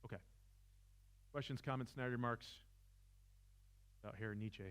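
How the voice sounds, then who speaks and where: Clear and resonant, this man's mid-range voice moves unhurriedly with fairly even intonation as he lectures on philosophy in a church seminar room. He is impassioned, at times near-shouting, and uses humor at his own expense.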